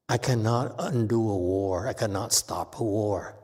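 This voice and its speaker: Unhurried male meditation teacher in a reverberant hall, checking in with listeners as he talks. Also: on the low side, a little mellow. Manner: unhurried, with frequent "okay?" checks. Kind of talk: dharma talk answering questions.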